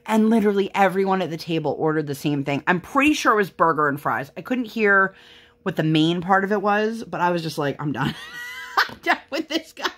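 A young woman with a lowish voice tells stories in a loose, chatty way. She talks casually while she works on a craft project, with plenty of fillers. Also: expressive, brisk, fairly bright tone. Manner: chatty storytelling with many fillers. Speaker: crafting vlogger.

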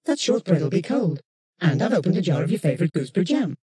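A reader voicing android copies of a mother, soft, homely and brisk in a storybook audiobook. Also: mid-range voice, sing-song, husky, no room sound, clean studio sound. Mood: eerily cosy.

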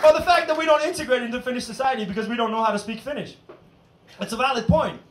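Brash, high-voiced stand-up comedian. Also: male voice, fast talker. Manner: brash, profane, punchy delivery. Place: comedy venue with live audience. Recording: echoey room, far mic, loud crowd and noise.

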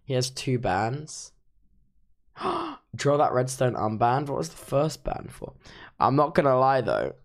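A man's voice: medium pitch, wildly swooping pitch, slow, creaky. A sleep-deprived man streaming casually, reacting playfully and teasing his chat as he reviews unban requests. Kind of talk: casual livestream commentary.

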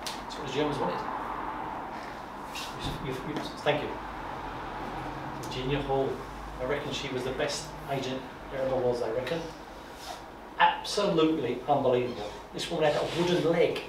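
A man giving an informal talk at an exhibition, telling stories in a chatty, animated way with repetitions and asides. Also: mid-range voice, normal speed, pauses often. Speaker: guest speaker on wartime history. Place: exhibition room. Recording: echoey room from far off, noisy.

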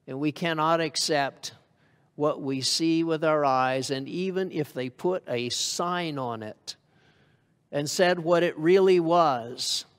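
A man's voice: on the high side, long reverb tail. A man preaching a sermon to a congregation in a conversational way, often asking them questions. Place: church hall.

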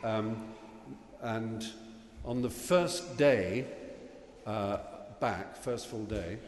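A middle-aged man from England giving a wry, anecdotal graduation speech at a podium, halting now and then with fillers. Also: lowish voice, darkish tone. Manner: wry, self-deprecating storyteller, halting with fillers. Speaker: graduation guest speaker. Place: large hall. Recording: echoey hall with long reverb, faint room noise.

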